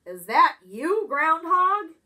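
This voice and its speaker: A tiny, near-sighted mole chirps his answers in a squeaky, drawn-out voice, as a woman puts him on. Bright and cheerful, straight from a storybook. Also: very animated, recorded from a distance, exaggerated voice. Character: small, squinting, cheerful male mole.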